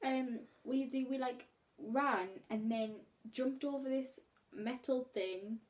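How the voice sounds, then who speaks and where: A woman's voice: high voice, fairly even intonation, slow. A young woman, chatting casually and laughing as she shares a story with a friend. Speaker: vlogger.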